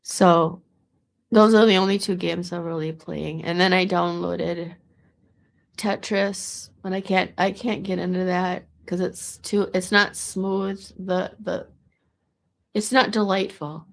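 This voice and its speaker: A woman's voice: fairly low pitch, level tone, slow, vocal fry. A woman talking in a casual, meandering monologue to the camera, restarting and repeating words as she goes. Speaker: vlogger.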